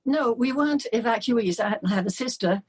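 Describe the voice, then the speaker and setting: An older woman from England, a guest in an interview, chatting warmly and laughing as she tells stories. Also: a little high, fairly quick, breathy edge. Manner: warm, laughing, storytelling. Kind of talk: casual chat.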